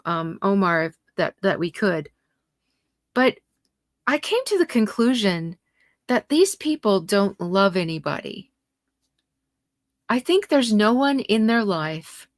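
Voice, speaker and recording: A woman's voice: medium pitch, dry recording, clean studio sound. A middle-aged woman hosting a livestream, talking passionately and indignantly, reacting to her viewers' comments. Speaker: host.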